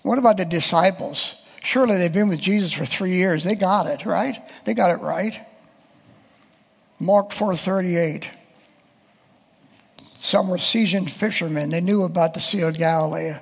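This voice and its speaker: Preacher, male, high pitched and husky, reading scripture in an echoing hall. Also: moderate pace. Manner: reads scripture aloud and quotes voices of the text. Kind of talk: sermon.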